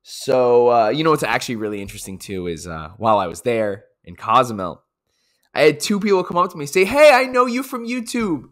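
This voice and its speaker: Animated, swearing man hyping his own race. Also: medium pitch, fast. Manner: animated, pumped-up, swears for emphasis; repeats phrases for emphasis. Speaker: triathlete recapping his race. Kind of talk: casual race recap podcast.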